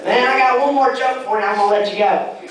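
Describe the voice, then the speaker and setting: A man's voice: high-pitched, fast talker. A young man doing a stand-up set, telling stories with lots of laughter and acted-out voices. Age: young adult. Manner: animated storytelling, acts out voices, laughs often. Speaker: stand-up comedian. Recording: echoey hall, mic heard from far off.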